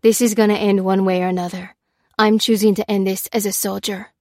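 A woman's voice: medium pitch, flat delivery, a little fast, darkish tone, no echo, lightly acted. A woman reads a hardened male major in an audiobook, set on fighting alone. He speaks in short, urgent commands. The read is dry and close. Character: determined male soldier, a major.

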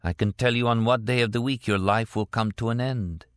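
A man voicing a strange young Italian woman with an Italian accent, speaking slowly and dreamily. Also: mid-range voice, steady tone, clear, resonant tone, no echo, clean studio sound, pitched above the performer's own voice, lightly acted. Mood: dreamy. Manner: slow, dreamy, deliberate.

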